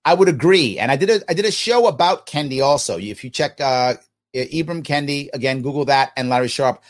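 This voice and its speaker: A man's voice: medium pitch, lively intonation, a little fast. A man hosting a podcast, giving emphatic, opinionated commentary on listener comments with sarcastic asides.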